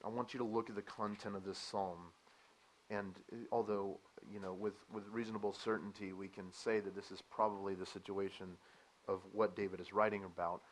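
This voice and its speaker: A man preaching a sermon, animated and emphatic, asking the listeners rhetorical questions and dropping to a quieter explaining tone at times. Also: fairly low pitch, fairly quick, slight background noise, low-quality recording.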